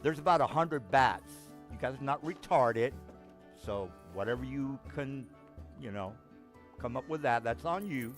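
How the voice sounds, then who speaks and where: A man narrating a tabletop game as game master, halting with many ums and restarts. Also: medium pitch, animated, faint music behind.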